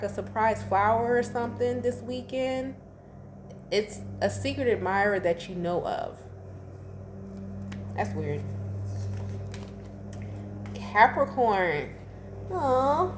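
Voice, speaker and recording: A woman's voice: mid-range voice, a little mellow, slight background noise. A woman in her thirties giving a casual tarot reading, chatty and slangy, laughing often. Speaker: tarot reader. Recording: echoey room, faint ambience.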